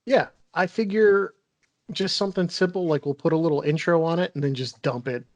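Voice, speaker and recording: A man's voice: on the high side, fairly quick, a little mellow, dry recording. A man co-hosting a podcast, chatting over drinks in a laid-back way, laughing often and cracking dry jokes. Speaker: podcast co-host. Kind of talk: casual chat over drinks.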